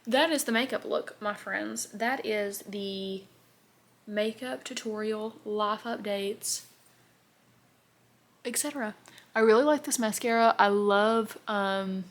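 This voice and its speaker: A young beauty vlogger does her makeup on camera in a casual get-ready-with-me chat, rambling in a bubbly way. She has a medium-pitched voice and speaks at a slow pace.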